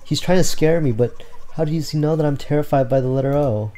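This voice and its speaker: A man's voice: fairly high pitch, a little fast, warm tone. A man playing through a story game and reading its dialogue aloud in an awkward, self-deprecating way, over faint game music. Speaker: let's player.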